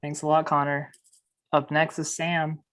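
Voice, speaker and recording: Slow, steady game host. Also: mid-range voice, smooth. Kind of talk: introducing contestants.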